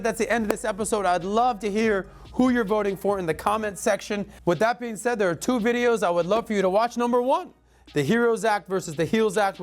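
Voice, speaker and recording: Blunt, punchy man urging viewers on. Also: high-pitched. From Florida. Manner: emphatic, punchy, repeats calls to action; blunt and crude, casual swearing. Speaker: show host. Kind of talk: direct-to-camera political commentary.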